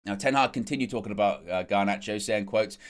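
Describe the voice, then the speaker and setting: A man's voice: lowish voice, fast talker. Man talking football, emphatic fan host. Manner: emphatic, builds up energy on key points; reads out quotes then comments. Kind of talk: casual football chat after a match.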